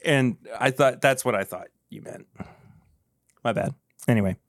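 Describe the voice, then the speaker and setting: A man's voice: medium pitch, no room sound, studio quality. A man co-hosting a whiskey tasting show, chatting casually, joking and rambling. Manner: joking, rambling, quick to laugh. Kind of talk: casual chat.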